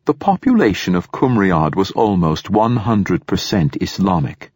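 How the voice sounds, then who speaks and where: A man voicing a calm, precise male android companion in an audiobook. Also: deep voice, unhurried, breathy edge, no room sound, studio quality, heavily acted.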